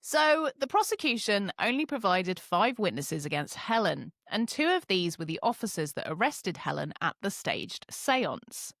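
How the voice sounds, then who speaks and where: British woman, podcast co-host, animated pitch, dry close-mic sound. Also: moderate pace, few pauses, no echo. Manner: narrates a case, laughing often between lines. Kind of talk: casual storytelling podcast.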